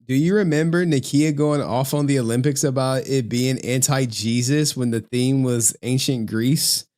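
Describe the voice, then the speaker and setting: A man's voice: medium pitch, normal speed, a little mellow. A tired man talking casually on a live stream, loose and chatty, swearing now and then. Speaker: commentary streamer.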